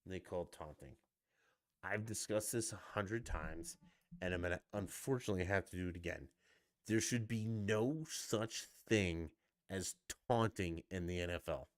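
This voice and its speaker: On a live stream, a man from Denver rants heatedly about his sports team with heavy profanity. His low voice moves at a moderate pace, with studio quality and no room sound.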